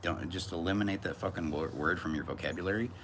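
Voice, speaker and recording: A man's voice: sits low, quick pace, a bit bright, slight background noise. A man vlogging from a back porch outdoors, talking in a brash, profane, rambling monologue.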